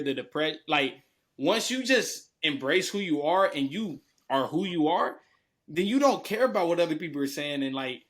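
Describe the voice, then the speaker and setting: A young man co-hosting a casual podcast, speaking earnestly with emphatic stresses. His voice sits a little on the high side for a man. He leans on fillers like "you know what I'm saying" as he builds his argument. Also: fairly bright tone. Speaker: podcast co-host.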